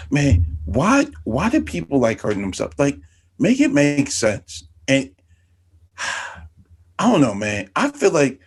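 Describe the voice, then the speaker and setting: A man's voice: mid-range voice, slightly rough. A man co-hosting a podcast, rambling in casual slang. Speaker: podcast co-host. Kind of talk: casual chat.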